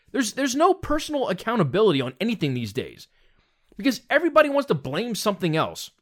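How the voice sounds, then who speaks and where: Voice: medium pitch, huge pitch swings, fast talker. Blunt, exasperated ranting commentator. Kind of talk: opinion rant monologue.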